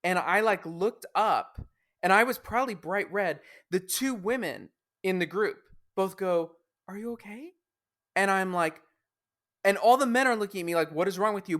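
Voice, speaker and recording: A man with a somewhat higher voice hosts a podcast and tells a story with energy. He acts out the people he quotes and swings his delivery up and down as he goes. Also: fairly bright tone. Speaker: podcast host. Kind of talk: conversational storytelling.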